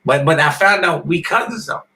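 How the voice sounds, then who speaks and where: A man in his fifties, a former boxer and podcast guest, telling animated stories in a casual interview and often clearing his throat. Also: fairly high pitch, moderate pace, slight background noise, rough recording. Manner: animated storyteller who acts out quoted voices.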